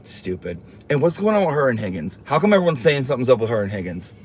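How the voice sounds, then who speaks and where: A man's voice: mid-range voice, big pitch swings, fast, darkish tone, a little hiss or hum. A man hosting a casual livestream, reading viewer comments aloud and teasing them in a sassy, campy way.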